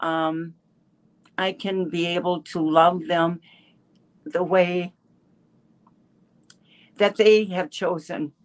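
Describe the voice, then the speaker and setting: Woman in her seventies, slow halting talk, lowish voice, a little emotional. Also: steady tone. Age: 70s. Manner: halting, many restarts and fillers. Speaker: caller sharing a testimonial. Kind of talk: emotional personal testimony.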